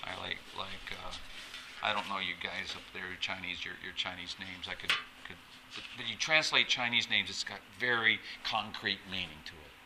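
A man's voice: low voice, fairly even intonation, moderate pace, noisy background. A man preaching a conversational sermon as a pastor, often stumbling over and repeating words with chatty asides.

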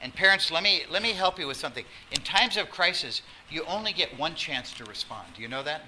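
A man preaching a sermon as pastor, animated, acting out quotes and dropping to a soft voice for emphasis. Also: a little high, fairly quick. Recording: noisy sermon recording.

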